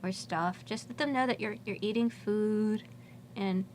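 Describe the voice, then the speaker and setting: A woman's voice: medium pitch, measured pace, darkish tone, slight background noise. A woman guest in a college radio studio, chatting casually in a rambling way and laughing often. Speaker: musician guest. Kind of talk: casual radio interview chat.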